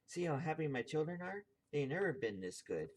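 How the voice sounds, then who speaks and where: A man's voice: fairly high pitch, very animated, brisk, noisy background, pitched above the performer's own voice. A man reading a greedy woman party guest and mother in a children's book, voice raised. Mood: chatty.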